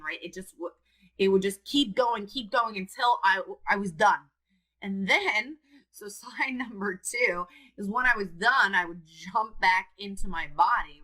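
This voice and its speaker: A woman's voice: medium pitch, pushed and bright, poor audio. A woman, a support coach, talking earnestly and candidly to camera about her own experience. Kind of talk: direct-to-camera personal talk.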